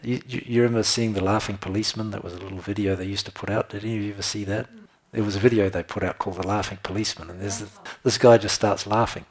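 A man's voice: on the low side, fairly even intonation, quick pace, husky. A man preaching a sermon, reading scripture aloud and commenting with frequent laughter.

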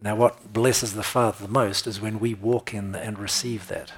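Husky low-voiced man preaching. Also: steady tone, moderate pace. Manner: preaching with frequent "right?" and "okay?" checks to listeners. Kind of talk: sermon.

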